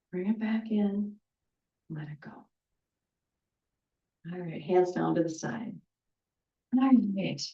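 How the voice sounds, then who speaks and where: Woman, qigong instructor, calm breath cues, roomy room, dull distant sound. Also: on the high side. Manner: calm, cueing breaths, chatty asides. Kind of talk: guided movement class.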